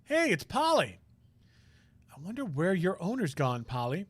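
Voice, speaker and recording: A man's voice: sits high, huge pitch swings, a little slow, breathy edge, no room sound, voice pushed up, heavily acted. A man voicing a cheerful, eager young woman. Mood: sympathetic.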